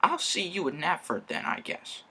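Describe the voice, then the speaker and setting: A vain red steam engine boasts in a bright, raspy, high-pitched voice, put on by a man reading a storybook. He swoops up and down with loud, showy exclamations. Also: wildly swooping pitch, moderate pace, full character voice. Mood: boastful.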